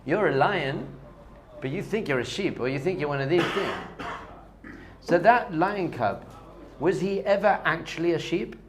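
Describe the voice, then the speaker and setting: A man's voice: on the high side, animated, normal speed, noisy background. A man, a rabbi, giving a spiritual lesson with a story, talking animatedly and repeating key points for emphasis.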